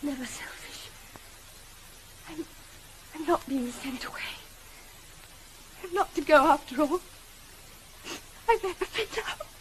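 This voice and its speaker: An actress playing an earnest young governess in a 1950s television drama, polite and restrained, trembling when upset. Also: female voice, high voice, lively intonation, slow, long pauses, slight background noise, rough recording. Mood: tender.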